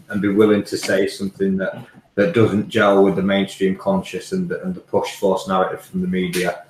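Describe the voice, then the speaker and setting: An English man on a podcast giving his views slowly, with many ums. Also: sits low, roomy sound, slight background noise, poor audio. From England. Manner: measured, um-filled opinions. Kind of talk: casual chat.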